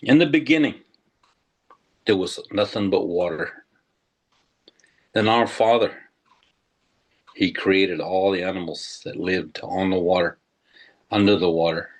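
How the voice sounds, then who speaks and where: Older man, very low voice, slow deliberate storytelling, tribal historian. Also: steady tone. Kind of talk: storytelling talk.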